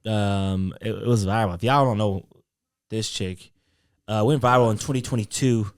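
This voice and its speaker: A man's voice: fairly low pitch, steady tone, normal speed, clean tone. A young man co-hosting a podcast, telling a story in casual chat with loose fillers and quoted voices. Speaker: podcast co-host.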